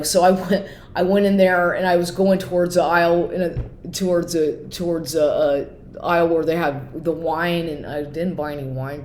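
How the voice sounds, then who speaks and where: A woman's voice: lowish voice, a little mellow, roomy sound. A woman talking casually in a rambling monologue, full of "like" fillers.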